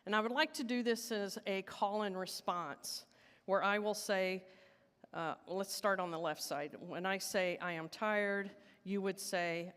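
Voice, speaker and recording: A woman teaching at a church service, leading the congregation in call and response and stating each "I am" line with slow emphasis. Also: on the low side, a bit bright, clear, resonant tone, in a large hall. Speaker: licensed Unity teacher giving the talk. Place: church sanctuary.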